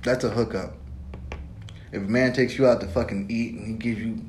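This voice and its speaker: Man, low voice, brash and profane, casual monologue, echoey room, faint rumble. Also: fairly even intonation, moderate pace, a little mellow. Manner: brash, profane, blunt advice-giving. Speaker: podcast host.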